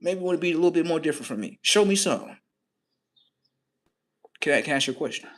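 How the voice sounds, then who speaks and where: A man hosting a livestream, telling a comic story in a profane, animated way and acting out the scenes. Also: a little high, racing. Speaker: livestream host. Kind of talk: comedic storytelling monologue.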